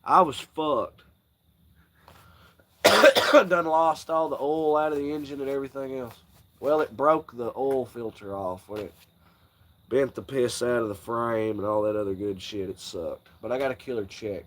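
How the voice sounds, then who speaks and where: A man's voice: medium pitch, unhurried, a bit bright. A man hosting a livestream, telling crude, rambling stories in casual chat with frequent laughs. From Southern United States. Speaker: livestream host.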